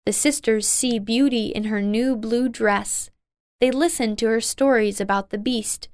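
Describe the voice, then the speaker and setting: Clear-voiced woman reading a storybook. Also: a little high, dry recording, studio quality. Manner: slow, simple and even. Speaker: reader. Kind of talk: scripted storybook narration.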